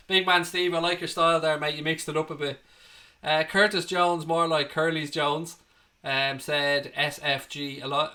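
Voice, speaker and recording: Bright-voiced man bantering with chat. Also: a little high. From Ireland. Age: 30s. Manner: banter, swearing, joking with viewers. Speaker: fan channel host reading live chat. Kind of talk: casual livestream chat.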